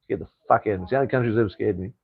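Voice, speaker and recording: A blunt Australian man rambles through a casual live stream, tossing "mate" around and swearing freely. His voice has a gravelly edge and sounds dry and a little dull, as if recorded close with no room around it. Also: fairly low pitch, very fast, no echo. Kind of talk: casual live stream chat answering viewer comments.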